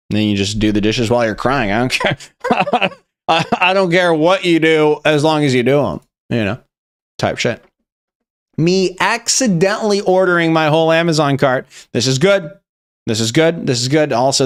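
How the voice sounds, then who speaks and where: A young man hosting a meme review, talking in a casual, rambling, profane way. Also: fairly high pitch. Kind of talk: casual commentary.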